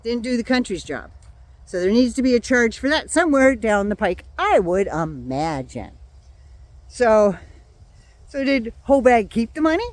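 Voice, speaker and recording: A woman's voice: a little high, sing-song, moderate pace, no echo. An older woman with a runny nose from a cold, ranting bluntly and sarcastically about politics and swearing freely. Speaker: vlogger. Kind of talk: casual political rant.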